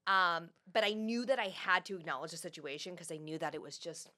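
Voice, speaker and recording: A woman's voice: lowish voice, steady tone, fairly quick, pushed and bright. A woman guest on a podcast, chatting casually in a bubbly, joking way and laughing often. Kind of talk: casual chat.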